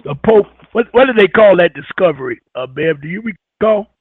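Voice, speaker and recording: A man hosting a radio talk show, rambling and halting as he repeats words while searching for them. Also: high-pitched, expressive, slightly rough, no room sound. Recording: tinny phone-like radio audio.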